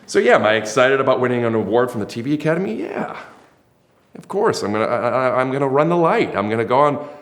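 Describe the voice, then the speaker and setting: A man's voice: medium pitch, big pitch swings, fast. A man hosting a podcast in casual chat, rambling and self-mocking, with lots of hesitant fillers. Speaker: podcast host.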